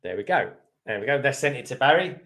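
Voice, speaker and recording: A man chats as a guest on a casual livestream, relaxed and prone to rambling stories. His voice sits at an ordinary middle pitch. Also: quick pace.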